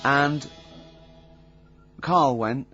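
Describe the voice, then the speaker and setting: A man's voice: medium pitch, extremely slow, sharp tone, breathy edge, soft background music. A man hosting a casual radio show, telling rambling anecdotes and laughing often. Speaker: radio host. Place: radio studio. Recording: lo-fi radio recording.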